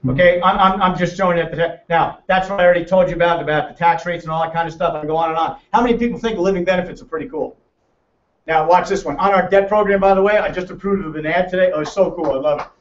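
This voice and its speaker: Brash male presenter, high voice, teasing a crowd; captured from across an echoey room, dull sound. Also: quick pace. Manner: brash, joking, teasing the audience. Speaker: financial seminar presenter. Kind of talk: lively seminar talk to a room. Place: meeting room with an audience. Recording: roomy, distant, muffled room recording.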